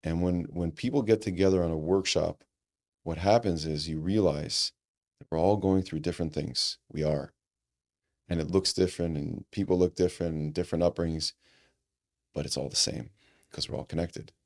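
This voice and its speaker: Low-voiced guy telling a story on a podcast, earnest, stumbles and restarts a lot. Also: normal speed. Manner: animated, acts out quoted dialogue, frequent restarts; earnest and reflective. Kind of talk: conversational storytelling.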